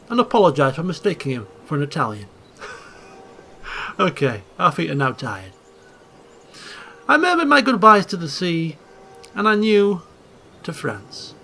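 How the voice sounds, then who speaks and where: A man hosting a let's play, reading game text aloud with theatrical, chuckling commentary and hushed asides. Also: sits high, a little hiss or hum. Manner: theatrical, chuckling, swings between hushed asides and loud exclaims.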